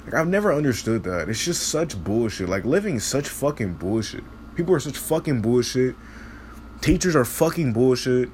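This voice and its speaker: A man's voice: mid-range voice, sing-song, moderate pace, a little mellow, a little hiss or hum. A teenage boy ranting in frustration, swearing constantly and rambling with many restarts. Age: teens. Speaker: high school student venting. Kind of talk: casual rant.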